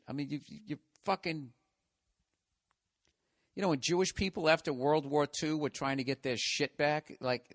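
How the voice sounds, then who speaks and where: A man in a comedic rant, swearing freely and sounding thoroughly fed up. His voice sits somewhat high for a man. He builds his points with exasperated asides. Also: fairly bright tone. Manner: profane, exasperated ranting.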